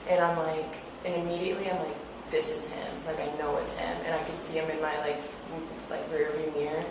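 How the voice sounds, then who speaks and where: Speaking a little fast in a level tone, a low-voiced young woman recounts an incident in an interview room. Her retelling is casual and chatty, packed with fillers and acted-out quotes from others. The recording has echo, hiss, and distant mic placement.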